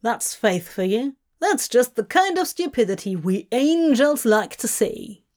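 A woman's voice: a little high, very animated, unhurried, a little mellow. A woman voicing a snarky, irreverent male demon who talks brashly and sarcastically, in a storybook reading. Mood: mocking.

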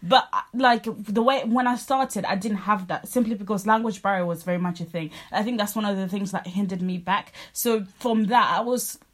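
A woman's voice: mid-range voice, normal speed, few pauses. A young woman co-hosting a podcast, outgoing and confident, chatting casually and laughing easily. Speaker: podcast co-host. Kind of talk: casual chat.

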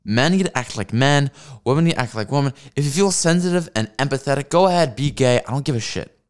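A man's voice: medium pitch, lively intonation, quick pace. A man hosting a solo comedy podcast, ranting in a rambling, profane and mocking way. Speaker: podcast host.

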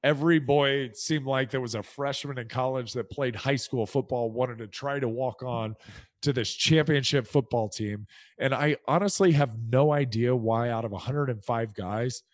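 Animated male storyteller in a dry room. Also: mid-range voice, dry recording. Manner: animated storyteller acting out quoted people. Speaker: podcast guest, former football player. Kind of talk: casual storytelling interview.

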